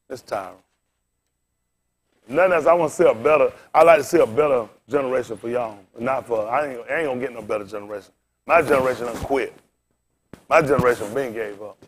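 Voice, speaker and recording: Against a little hiss or hum, a man in his fifties preaches in a mid-range voice. His sermon to the congregation is impassioned yet tired and frustrated, full of rhetorical questions and repeated phrases with sharp rises and falls in force.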